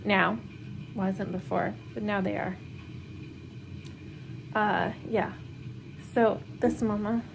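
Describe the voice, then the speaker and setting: A homeschooling mother in her thirties vlogs casually from home while doing laundry, her talk rambling and full of fillers and nervous laughs. Her voice is a little high. There's a little hiss or hum on the poor-quality audio.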